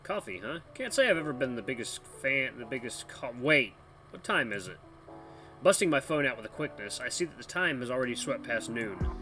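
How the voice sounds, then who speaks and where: A man hosting a let's play, chatty and animated, reading game text and the main character's lines. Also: medium pitch, brisk. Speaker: gaming channel host. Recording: background music under voice.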